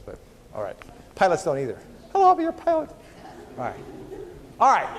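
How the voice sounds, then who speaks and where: A man who is a biochemistry professor, giving a joking university lecture full of rhetorical questions to the class. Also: sits high. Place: lecture hall. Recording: reverberant lecture hall.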